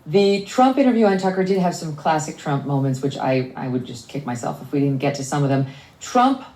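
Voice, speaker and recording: Woman host, lowish voice that moves a lot, kinda roomy. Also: animated, a little fast, mellow. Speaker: talk show host. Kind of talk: broadcast commentary.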